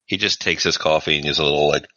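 A man's voice: very deep voice, fairly even intonation, fast talker, sharp tone, no room sound, lo-fi sound. A man serving as game master who narrates a tabletop game in a casual, descriptive way.

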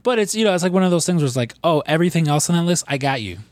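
A man's voice: fairly high pitch, expressive, rapid-fire, no room sound. A young man co-hosting a podcast in casual chat, rambling and swearing freely with lots of fillers and restarts. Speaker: podcast co-host.

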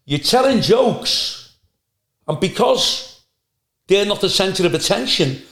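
A male stand-up comedian telling profane, animated anecdotes in a casual podcast chat. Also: high-pitched, slow pace. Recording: roomy echo.

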